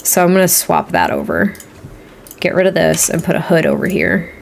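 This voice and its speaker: A woman's voice: fairly low pitch, wildly swooping pitch, moderate pace, creaky, a little hiss or hum. A woman live streaming while she builds in a game, chatting and rambling to her viewers and laughing often. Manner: talks to chat viewers, reads their comments.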